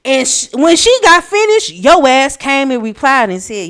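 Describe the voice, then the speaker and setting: A woman co-hosting a casual reality TV recap podcast, speaking in with a blunt, opinionated, animated manner. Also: high voice, normal speed, few pauses. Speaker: podcast co-host.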